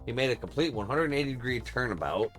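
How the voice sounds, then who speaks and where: A man's voice: medium pitch, animated, fast talker, fairly bright tone, soft background music. A man streaming a game, reading on-screen text aloud and joking casually, with the odd swear. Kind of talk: casual game playthrough commentary.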